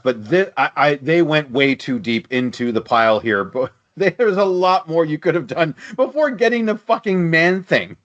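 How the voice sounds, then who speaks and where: A man's voice: mid-range voice, a bit bright, dull audio. A man co-hosting a movie podcast, rambling in casual chat with asides and swearing. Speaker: podcast co-host.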